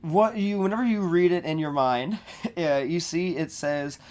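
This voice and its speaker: Hesitant game master, scratchy throat. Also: female voice, on the low side, moderate pace, a little mellow. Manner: hesitant, many fillers and restarts. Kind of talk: narrating a tabletop game.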